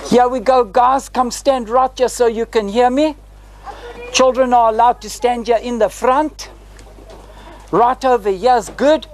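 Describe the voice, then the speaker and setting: Inside a parked airliner, a sixty-something South African man, once a flight attendant, plays tour guide with lively theatrics and tag questions like "eh?". He speaks unhurriedly in a very high pitch, captured on a low-quality recording.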